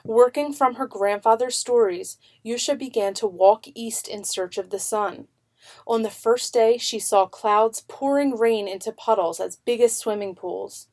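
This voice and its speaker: A woman narrating a children's picture book in an unhurried, expressive way. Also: a little high.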